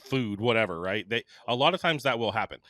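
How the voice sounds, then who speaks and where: An enthusiastic man on a podcast who chats and laughs easily while telling a travel story. His voice is bright and forward, and the recording is close and dry. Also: lowish voice, lively intonation, a little fast, no echo. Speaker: podcast co-host. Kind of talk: casual chat.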